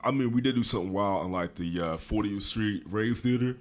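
Deep-voiced laid-back man. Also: fairly quick. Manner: laid-back, slangy storyteller. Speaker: podcast host. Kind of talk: casual chat.

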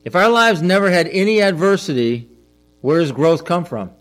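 A man's voice: high voice, lively intonation, moderate pace, fairly bright tone. A middle-aged man preaching a conversational sermon as a pastor, asking the listeners questions and repeating his phrases.

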